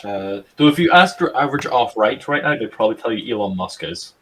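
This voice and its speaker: Scottish guy on a podcast call, husky voice, bouncy up and down, teasing his mates. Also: mid-range voice, animated, fairly bright tone, low-quality recording. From Scotland. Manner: teasing, jokey, quick reactions. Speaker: podcast co-host. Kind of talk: casual group chat.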